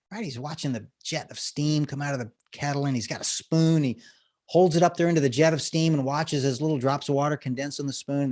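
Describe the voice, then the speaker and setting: A business storytelling coach appears as a guest on a podcast interview, explaining his techniques and telling an example story. He is animated and laughs often, speaking in a mid-range voice.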